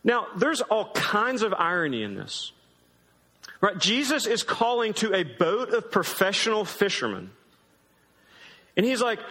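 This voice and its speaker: A man's voice: high voice, sing-song, moderate pace, pushed and bright, long reverb tail. A man in his thirties preaching a sermon in a casual, joking storytelling way. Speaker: pastor.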